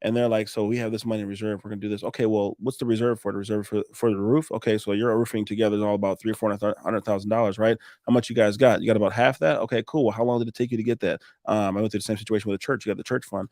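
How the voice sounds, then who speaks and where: A man rattles off sales stories at high speed, jumping in and out of the voices of himself and his customers. His talk is loose, salty and animated. The recording is dry and close. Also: no room sound. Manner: fast, animated, acts out both sides of conversations, swears casually. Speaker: roofing contractor guest. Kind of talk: casual storytelling interview.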